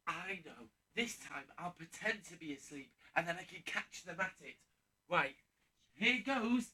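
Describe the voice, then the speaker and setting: A woman's voice: on the low side, expressive, unhurried, sharp tone, slightly rough, full character voice. A woman playing an earnest young male hero as a pantomime principal boy, eager and wide-eyed. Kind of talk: live pantomime stage acting. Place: theatre stage. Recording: distant stage sound from the hall.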